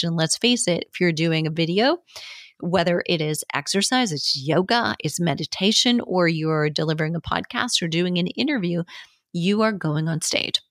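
Middle-aged female podcast host, upbeat coach, lower pitch, dry close studio sound. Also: no echo. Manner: upbeat, coaching, demonstrates warm-ups. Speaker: podcast host and fitness educator. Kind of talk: solo podcast advice. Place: home studio, seated. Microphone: studio mic.

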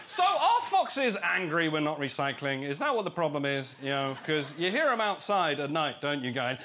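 A man doing a stand-up comedy set on a club stage, slow and deadpan between shrieked bits. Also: fairly high pitch. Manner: deadpan, slow delivery with shrieked character voices. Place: comedy club stage before a laughing crowd. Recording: loud audience noise, live club.

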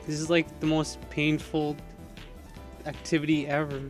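Young man, game streamer, panicky, excitable, slightly high voice, faint background music. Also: measured pace. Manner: excitable, panicky, laughing often. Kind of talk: gaming livestream chat.

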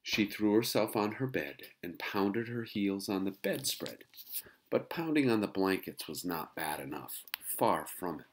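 Low voiced guy reading a kids book out loud, slow, lively tone, little bit of background noise. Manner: expressive, leans into sound effects. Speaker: storybook reader. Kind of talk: reading a children's book aloud.

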